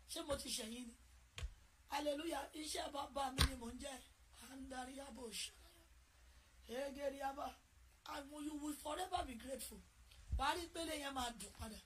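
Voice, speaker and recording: A woman preaching and praying fervently, swinging between loud chanted prayer and quick, conversational exhortation to her congregation. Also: sits high, a little hiss or hum. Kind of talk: sermon with prayer.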